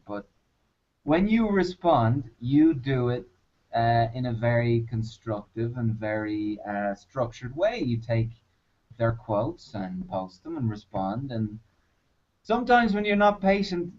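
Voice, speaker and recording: A man co-hosting a podcast in casual chat, calm and measured with light teasing. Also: medium pitch. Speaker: podcast co-host. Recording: slightly muffled lo-fi.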